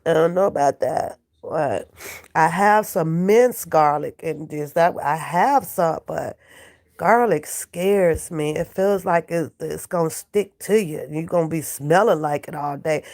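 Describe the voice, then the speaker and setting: Sick woman vlogger in bed, gravelly voice, slow and unhurried, cursing and laughing with her chat. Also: low-pitched, a little mellow. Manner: profane, laughing, bantering with chat. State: sick with a cold. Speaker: vlogger talking to live chat. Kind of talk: casual live-stream chat. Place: in bed at home.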